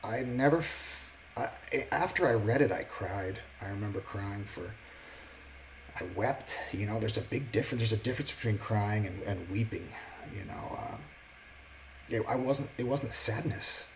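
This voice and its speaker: A man casually sharing a personal faith testimony, earnest and reflective, often pausing and restarting his words. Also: fairly low pitch, background noise. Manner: halting, with many restarts and fillers.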